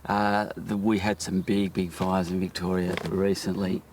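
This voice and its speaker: An Australian man talking casually in an interview, relaxed and hesitant with fillers. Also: sits low, moderate pace, slight background noise. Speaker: poet.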